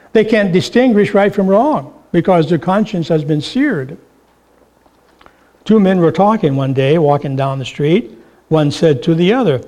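A man's voice: fairly high pitch, a little mellow. A man preaching a sermon, telling a story and acting out the voices in it.

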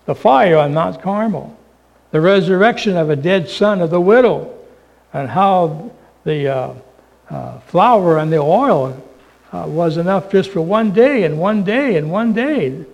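A man preaching a sermon, swinging from loud, emphatic points down to a hushed near-whisper. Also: high-pitched, lively intonation, a little slow, creaky. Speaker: pastor.

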